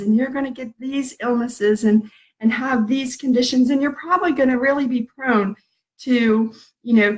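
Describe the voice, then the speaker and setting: In a low-quality recording, a middle-aged woman whose voice sits a little high hosts a relaxed spiritual live stream. She talks in a rambling way about love and connection, laughing at herself now and then.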